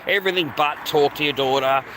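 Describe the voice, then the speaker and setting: A man holds forth on his own livestream in an emphatic, repetitive rant, calling the listener "mate" and "man" as he goes. His voice sits a little high and comes across bright and forceful. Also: fast talker, slight background noise, poor audio. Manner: peppers speech with "mate" and "man". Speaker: livestream host. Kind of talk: unscripted livestream talk.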